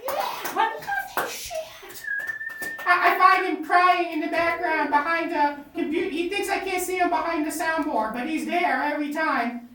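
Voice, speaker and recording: A man's voice: very high voice, expressive, moderate pace, pushed and bright, slight background noise, exaggerated voice. A man playing a bumbling, boastful male political candidate in an improvised comedy bit, rambling and brash. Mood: gloating. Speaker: candidate at a press event. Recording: echoey room, distant mic.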